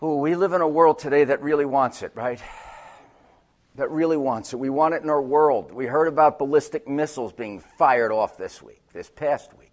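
A man preaching a sermon, moving between loud urgent peaks and quiet, low passages. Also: normal speed. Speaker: pastor.

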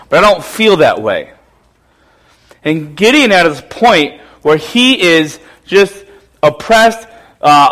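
An impassioned male pastor delivers a sermon in a voice pitched slightly high, with an animated, wide-ranging melody. He sinks to a hushed near-confession, then rises into urgent, emphatic appeals. His delivery is earnest and direct.

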